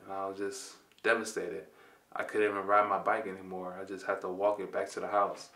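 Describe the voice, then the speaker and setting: A man in his twenties from Compton, California tells a personal story in a laid-back, slangy way, acting out the dialogue. His voice is low and flat in delivery, a little fast with a fairly bright tone. The recording is roomy, with the mic set at a distance.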